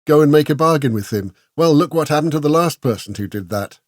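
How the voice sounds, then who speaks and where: A man voicing an excitable, emotional woman companion who talks in effusive, joyful bursts. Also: a little high, a little fast, no echo, studio quality, voice pushed up, lightly acted. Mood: scolding. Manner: effusive, breathless with joy.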